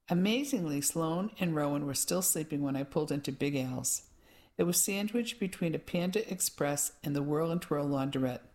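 A woman narrating a first-person audiobook in an even, measured way. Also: low-pitched.

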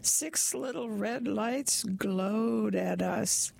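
Slow, gravelly woman reading a story. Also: mid-range voice, a little mellow. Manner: wry, confiding, plain-spoken. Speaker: reader. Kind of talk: reading a short story aloud.

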